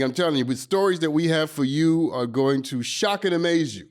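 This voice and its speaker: A man hosting a podcast in casual chat, animated and quick to laugh, often repeating himself as he warms up. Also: fairly high pitch. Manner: animated, laughs readily, stumbles into repeats when excited. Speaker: podcast host.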